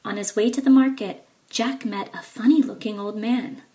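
A woman reading a traditional fairy tale aloud for children, expressive and sing-song in her telling. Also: fairly high pitch, moderate pace. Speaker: storyteller.

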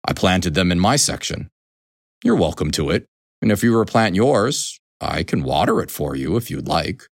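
A man reading a storybook, voicing an unhurried male farm horse who speaks flatly and casually. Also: deep voice, breathy edge, dry recording, clean studio sound, full character voice. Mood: deadpan. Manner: flat and casual.

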